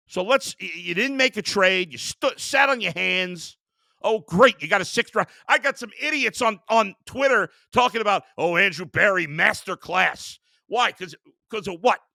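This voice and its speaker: Heated high-voiced sports rant host. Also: male voice, gravelly, pushed and bright, dry recording, studio quality. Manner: heated, exasperated ranting.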